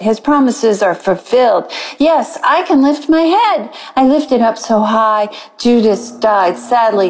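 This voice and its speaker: A woman calls in to read her own devotional poem, her voice a little high and husky. She recites slowly and emotionally, pausing between short lines. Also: a little mellow. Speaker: caller reading her poem.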